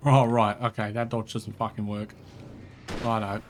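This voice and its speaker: A man's voice: lowish voice, level tone, moderate pace, a little hiss or hum. A man hosting a let's play, commenting as he plays, swearing a lot and muttering in exasperation, with chatty asides to the viewer. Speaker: gaming channel host.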